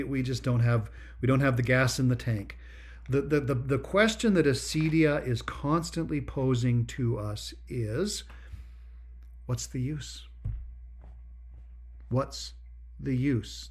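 A man giving a Christian spiritual talk, emphatic and repetitive, stretching out key words. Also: medium pitch. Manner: emphatic, repetitive, drawn-out stresses. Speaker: Christian speaker.

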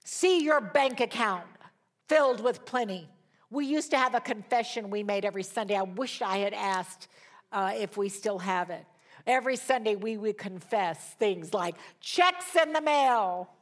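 A woman's voice: mid-range voice, normal speed. An older woman teaching a Bible study in a sermon style, telling stories animatedly, laughing along, and acting out the voices of the people she quotes. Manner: animated storyteller who acts out quoted voices.

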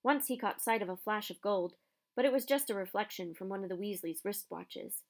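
A woman reading a storybook aloud, narrating with expressive pacing and a medium-pitched voice. She keeps the story moving and shapes each sentence with feeling. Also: a little fast.

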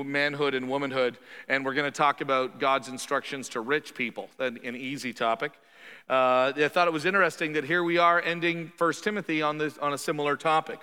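A man preaching a conversational sermon as pastor, animated and quick to act out quoted voices. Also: a little high, smooth, long reverb tail. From Canada.

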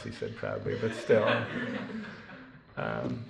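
A man's voice: medium pitch, very animated, slow pace, creaky, pauses often, roomy sound, noisy background. A man giving a talk before reading from his novel to an audience, self-deprecating and joking, with plenty of ums and restarts. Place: lecture room with an audience.

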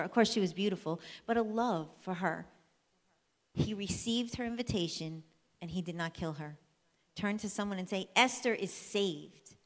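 A woman at a mid-pitched, everyday register tells a Bible story to a congregation, chatty and lively as she pulls her listeners in. Her voice rings out with a long echo through a large hall. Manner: lively and conversational, drawing the listeners in. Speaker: church speaker. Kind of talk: animated Bible storytelling sermon.

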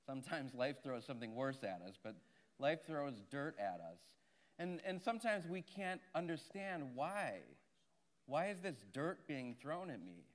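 A male priest preaching in an easy, conversational manner, telling a story and then drawing a lesson from it. He often checks in with his listeners along the way. The voice sits at an ordinary middle pitch for a man. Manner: conversational storytelling with "right?" asides. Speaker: Catholic priest. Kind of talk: sermon.

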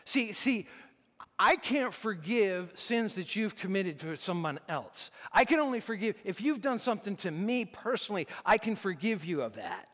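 A man's voice: high voice, big pitch swings, moderate pace, a bit bright, big-room sound. A man preaching a sermon in a conversational way, often restarting his sentences. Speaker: pastor.

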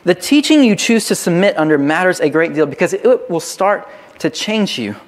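A man's voice: high voice, expressive, normal speed. Man preaching in an echoing hall. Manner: conversational preaching with frequent restarts. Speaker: pastor. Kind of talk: sermon. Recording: long hall reverb.

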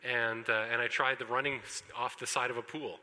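A man preaching a sermon to a congregation, animated and joking with the listeners. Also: mid-range voice, brisk. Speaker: pastor. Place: church hall with congregation. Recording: long hall reverb.

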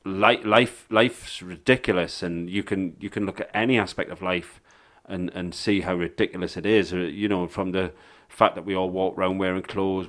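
A man's voice: low-pitched, a bit bright. A middle-aged man, a stand-up comedian, chatting casually in a blunt, laid-back, sweary way. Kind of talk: casual podcast chat.

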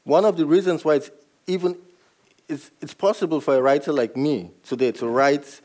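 A man's voice: fairly high pitch, fairly even intonation, normal speed, a little mellow. A man from Nigeria, a novelist, answering audience questions at a book event and often laughing as he explains. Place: event room with a live audience.

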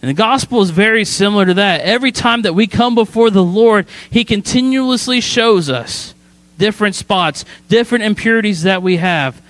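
Brief: male student pastor, high voice, dry close mic, casual storytelling sermon. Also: normal speed, fairly bright tone, no room sound. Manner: conversational, storytelling, asks "right?" often. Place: church sanctuary.

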